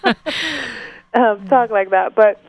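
A woman's voice: mid-range voice, fairly even intonation, unhurried. A woman speaking as an author and interview guest, talking earnestly and from the heart. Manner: earnest, heartfelt, prone to tears and laughter. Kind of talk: emotional interview conversation. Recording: tinny phone line.

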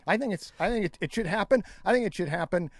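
A man talks through the day's news in a loose, conversational way, reading a headline and then riffing on it. His voice sits a little high for a man, recorded dry and close with no room sound. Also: animated, fast talker, no room sound. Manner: reads news items then riffs with opinions. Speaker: news segment co-host. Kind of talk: casual news chat.

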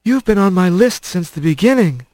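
Treacherous male hawk, read by a man, high and lively, in a dry close recording. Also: normal speed, dry recording. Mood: soft menace. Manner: soft menace turning to shrieking panic. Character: treacherous male hawk, soft then frantic.

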